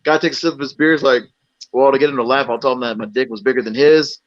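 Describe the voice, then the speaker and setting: A man's voice: mid-range voice, steady tone, fast talker, muffled recording. A young man telling crude jokes on a live stream, acting out the people in them. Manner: crude joke teller, acts out characters.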